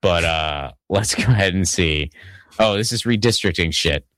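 A man's voice: low-pitched, moderate pace, fairly bright tone, no echo, studio quality. A man from Pittsburgh hosting a casual political podcast, rambling and swearing, often restarting his sentences. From Pittsburgh, Pennsylvania. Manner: rambling, profane, full of restarts and asides. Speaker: podcast host.

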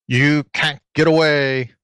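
A man's voice: a little high, steady tone, slow pace, a bit bright, clean tone, no room sound, studio quality, pitched above the performer's own voice. A man voicing a sneaky male fox villain who howls and drawls. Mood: menacing. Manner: howling snickering drawl.

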